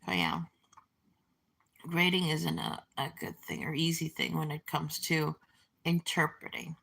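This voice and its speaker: Gravelly woman in her forties, rambling. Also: low voice, very animated, unhurried, fairly bright tone. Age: 40s. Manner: meandering, reminiscing, with many fillers and restarts. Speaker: vlogger. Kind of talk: casual rambling monologue.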